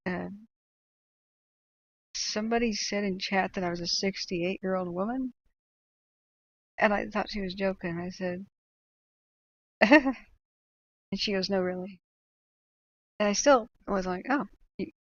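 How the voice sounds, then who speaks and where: A woman hosts a casual livestream, chatty and animated, slipping into rants between fillers and laughs. Her voice sits at a middling pitch. The audio is dull and a little lo-fi. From United States. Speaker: livestream host tracking wildfires.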